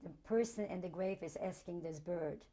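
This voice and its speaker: A woman in her sixties, a Holocaust survivor, telling her life story in an oral history interview, halting and repeating words for emphasis. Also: lowish voice, dark tone.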